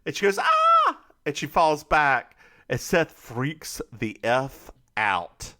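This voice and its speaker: A man co-hosting a casual podcast from North Carolina, recapping a TV episode in an animated storytelling manner. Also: mid-range voice. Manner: animated storytelling with quick put-on character voices. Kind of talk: casual chat.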